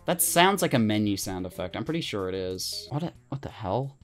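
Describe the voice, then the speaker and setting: A man giving casual let's-play commentary, excitable, swearing casually and laughing often. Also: fairly low pitch, fairly quick, faint music behind. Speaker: gaming commentator.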